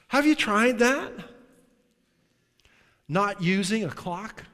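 Conversational preacher in a reverberant hall. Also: male voice, sits high, takes it slowly, long pauses. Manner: animated and conversational, often dropping to a hush. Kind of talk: sermon.

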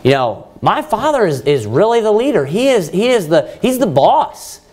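High-pitched and dark in tone, this preacher's voice swings widely in pitch at a moderate pace. His sermon leans on rhetorical questions and repetition, peppered with "you know" and false starts.

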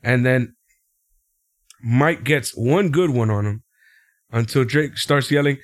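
A man's voice: takes it slowly, pauses often, no echo, studio quality. A man casually recapping a wrestling show and acting out quotes. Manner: animated, laughs often, acts out quotes in high voices. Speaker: podcast co-host recapping wrestling. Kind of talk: casual chat.

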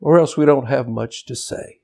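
An older man, a pastor, preaching a sermon in a church, animated and shouting at times for emphasis. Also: medium pitch, moderate pace, creaky.

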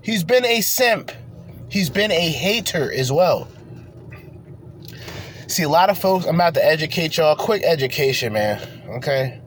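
A man's voice: fairly high pitch, expressive, normal speed, slight background noise. A man hosting a reaction commentary, ranting in a profane, confrontational way. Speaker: commentary host.

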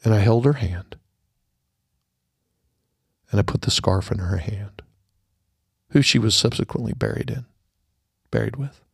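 A middle-aged man hosting a podcast, telling a personal story earnestly and going quiet at the sad parts before a holiday message. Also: on the low side, a little slow, gravelly, long pauses, slightly rough, no echo, studio quality. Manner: earnest storyteller, drops to a hushed tone at sad moments. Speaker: podcast host.

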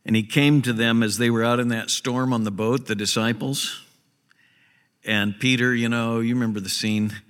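A man's voice: mid-range voice, steady tone, normal speed, fairly bright tone. Pastor guy preaching, punches and repeats his points, long church reverb. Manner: emphatic, repeats key phrases for stress. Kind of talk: sermon. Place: church sanctuary.

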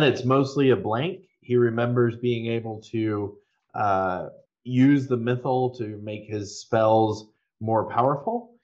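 A man narrating as game master, relaxed and unhurried, with many ums and restarts. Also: on the low side, dull audio.

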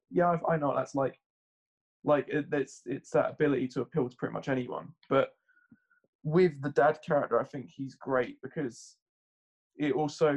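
A man's voice: mid-range voice, a little mellow. A man in casual podcast chat, reflective and hedging his points. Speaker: podcast co-host.

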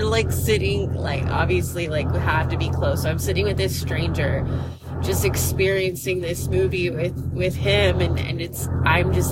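A woman hosts a casual movie chat, talking slowly and rambling as she circles back with plenty of fillers. Loud car and road noise runs under her voice throughout. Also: lowish voice. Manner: rambling, many fillers and restarts. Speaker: podcast host.

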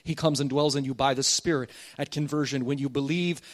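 A man's voice: medium pitch, fairly even intonation, brisk. A man preaching a sermon as pastor, earnest and emphatic, calling on the congregation to repeat after him.

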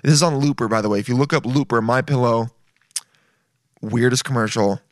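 A man's voice: medium pitch, a little fast, no echo, clean studio sound. Crude, mocking young male podcast host. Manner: crude, mocking, riffs in acted voices. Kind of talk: casual comedic chat.

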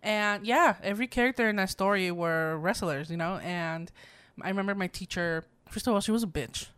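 A woman's voice: mid-range voice, fairly quick, fairly bright tone, smooth, dry recording. A young woman co-hosting a casual podcast, speaking bluntly and candidly, swearing casually and laughing along. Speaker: podcast co-host. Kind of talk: casual chat.

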